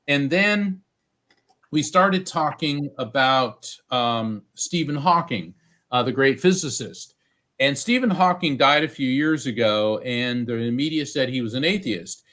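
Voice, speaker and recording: A man guesting on an interview podcast as a psychic medium, telling stories and acting out what others said. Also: mid-range voice. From United States. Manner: animated storyteller, acts out quoted voices. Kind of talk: storytelling interview.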